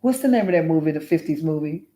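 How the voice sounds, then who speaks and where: A man's voice: a little high, expressive, fast talker, warm tone. A man in a casual storytelling monologue, flamboyant and chatty, calling his listener honey and child, rambling with restarts and swearing as he goes.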